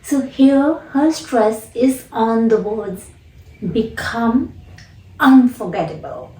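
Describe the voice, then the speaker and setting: A woman English teacher explaining pronunciation deliberately, then repeating phrases to demonstrate. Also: a little high, lively intonation, warm tone, reverberant, recorded from a distance, poor audio. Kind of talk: spoken lesson with demonstration.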